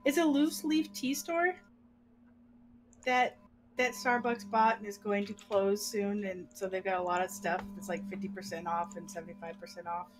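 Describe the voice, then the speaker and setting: A middle-aged woman telling a long, animated story in casual chat, laughing and acting out what people said. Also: mid-range voice, moderate pace, noisy background. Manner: animated, laughing, acts out quotes. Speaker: podcast co-host.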